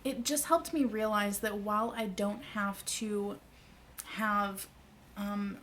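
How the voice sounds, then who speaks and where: Chatty woman in her thirties, slightly high. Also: slight background noise. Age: 30s. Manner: chatty and candid, laughs easily. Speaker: vlogger. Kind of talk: personal storytelling to camera.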